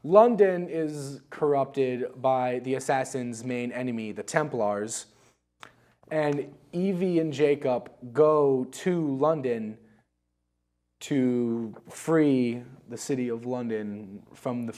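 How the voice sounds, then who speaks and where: Male co-host, casual game chat, loose and rambling, average pitch. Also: takes it slowly, warm tone. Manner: rambling, laughs at his own story. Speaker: co-host of a gaming show.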